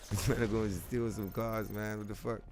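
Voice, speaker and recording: Man, London accent, very low voice, young adult, casual game-stream banter, slang and swearing. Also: fairly even intonation, normal speed, background noise. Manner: loose slangy banter, swearing, answering chat. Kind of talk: casual gaming stream chat.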